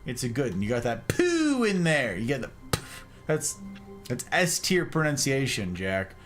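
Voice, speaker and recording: A man's voice: mid-range voice, huge pitch swings, moderate pace, a bit bright, faint music behind. A man streaming a game, chatting casually and teasing his viewers with playful, repetitive banter. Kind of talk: casual live-stream commentary reading chat.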